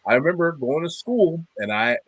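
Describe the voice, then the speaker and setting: A man's voice: on the high side, moderate pace, slightly rough, dry recording. A man from South Jersey co-hosting a casual sports podcast, telling stories with lots of repeated words and laughter. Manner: animated storyteller, repeats words, laughs often. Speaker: podcast co-host.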